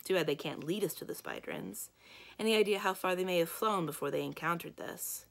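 A woman reading the part of a big, gruff male knight commander, speaking in a dry, wry way. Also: fairly low pitch, brisk.

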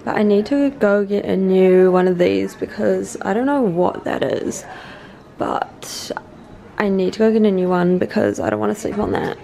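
A young woman in her twenties vlogging casually, gushing and swearing with excitement, at times tearful. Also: medium pitch, moderate pace, creaky, slight background noise. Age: young adult. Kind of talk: casual vlog.

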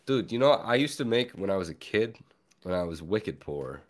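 A young man hosts a podcast in a laid-back, joking chat. His deep bass voice sits very low yet swings widely in pitch, and his sentences often trail off midway. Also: big pitch swings, brisk. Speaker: podcast host. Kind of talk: casual chat.

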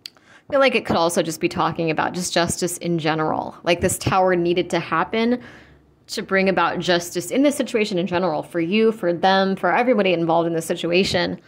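A young woman giving a casual tarot reading, chatty and full of fillers, blunt and quick to swear. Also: lowish voice. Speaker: tarot reader.

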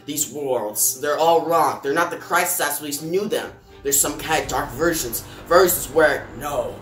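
A man voicing a stern, grim caped crusader in a low, quiet voice with tense urgency. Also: measured pace, faint music behind. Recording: echoey room.

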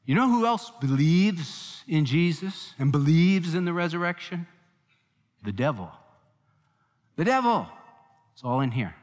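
Guy preaching a fired-up sermon, highish voice, echo hanging in a big church. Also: animated, moderate pace, few pauses. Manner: impassioned preaching, voicing quotes with emphasis. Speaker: pastor.

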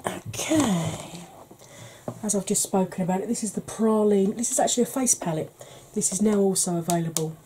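A woman chatting casually as a beauty vlogger, easygoing and quick to laugh, with the odd mild swear. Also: mid-range voice, noisy background. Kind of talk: casual makeup declutter chat.

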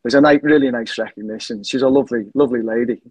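Husky man, halting interview talk. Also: medium pitch, fairly even intonation, darkish tone, dry recording. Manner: halting, lots of restarts and fillers. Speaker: guest, company CEO.

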